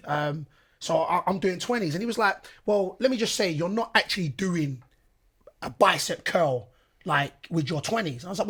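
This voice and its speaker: A man, a guest footballer telling animated stories on a podcast and acting out what others said. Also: high-pitched, normal speed, husky. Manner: animated storyteller, acts out quotes, laughs easily. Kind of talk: casual podcast storytelling.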